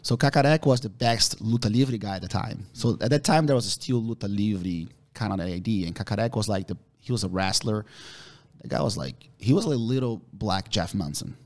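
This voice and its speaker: A man, a podcast guest, telling animated stories with free swearing. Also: on the low side, a little fast. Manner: animated, swears freely, relives the moment. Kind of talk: casual storytelling.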